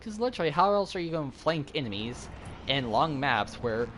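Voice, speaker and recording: A young man hosting a gaming channel, chatting casually with friends while he plays and bursting into excited yelps and laughs. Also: a little high, brisk, a little hiss or hum. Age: young adult.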